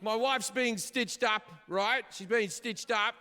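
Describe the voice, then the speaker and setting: Brash, profane middle-aged comedian. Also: male voice, high-pitched, takes it slowly, bright, forceful tone, clear, resonant tone, faint music behind. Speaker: stand-up comedian. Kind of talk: stand-up comedy set. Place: comedy stage before a live audience. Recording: live hall reverb, audience noise.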